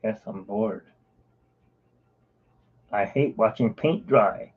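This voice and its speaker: A man's voice: fairly low pitch, slow pace, breathy edge. A man chatting casually on a live art stream, rambling from one topic to the next. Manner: rambling, drifting between topics. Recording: tinny phone-like live-stream audio.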